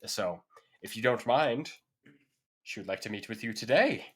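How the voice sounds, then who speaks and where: A man's voice: on the low side, animated, moderate pace, a bit bright, husky. A man voicing a formal, polite male scout who makes earnest requests in a tabletop game.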